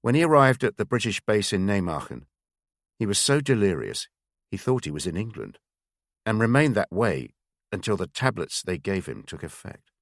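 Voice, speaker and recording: A deep-voiced male audiobook narrator reads a scripted story in a measured, expressive way. The recording is studio quality with no room sound.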